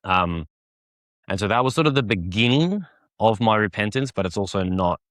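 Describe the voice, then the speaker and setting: An Australian young man, guesting on a podcast, tells a personal story in casual conversation, rambling and using many fillers. His voice is fairly low, animated and a bit bright, at normal speed, recorded studio-clean with no room sound.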